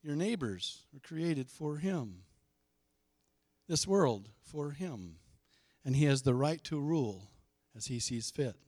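Male pastor, middle-aged, emphatic sermon delivery, slightly high voice, dry sound. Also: animated, slow pace, long pauses, darkish tone, dry recording. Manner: emphatic, call-and-response with congregation.

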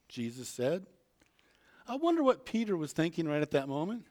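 A man's voice: a little high, sing-song, normal speed. A man preaching a sermon, retelling a Bible story in a casual way, acting out the characters' lines and chuckling as he goes. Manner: retells scripture conversationally, acts out voices, chuckles.

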